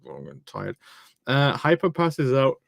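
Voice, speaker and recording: A man's voice: mid-range voice, huge pitch swings, moderate pace, creaky, no echo, clean studio sound. A man chatting casually on a live stream, reading out viewer messages and joking around, swearing freely. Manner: rambling, jokey, swears freely.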